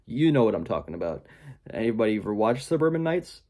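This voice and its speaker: Rambling young man with lively pitch. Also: fast. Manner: rambling, filler-heavy, with mocking quoted voices. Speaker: movie reviewer. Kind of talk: casual spoken movie review.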